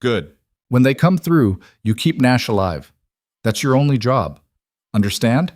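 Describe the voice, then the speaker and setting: A man's voice: mid-range voice, big pitch swings, measured pace, darkish tone, no room sound. A man voicing a tough female captain who speaks in clipped commands. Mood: commanding.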